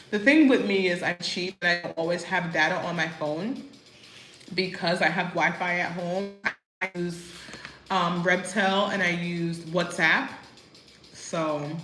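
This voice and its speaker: Young American woman, chatty vlogger, bright voice in an echoey room. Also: lowish voice, slight background noise. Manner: chatty, laughs while telling stories, lots of fillers. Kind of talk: casual storytelling chat.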